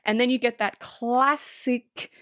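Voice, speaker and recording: A woman co-hosting a podcast in a casual movie review chat, excited and swearing freely as she acts out quotes. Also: on the high side, slow pace, no echo, studio quality. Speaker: podcast co-host. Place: podcast recording space.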